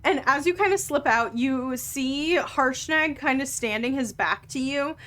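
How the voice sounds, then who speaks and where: A woman running a tabletop game as game master, narrating scenes in an unhurried, descriptive way. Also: sits high, a bit bright.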